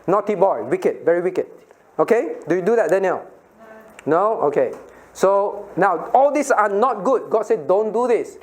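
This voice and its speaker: A man's voice: high voice, animated, measured pace. A middle-aged male pastor leading a children's Bible lesson, asking questions, laughing often and acting out little scenes.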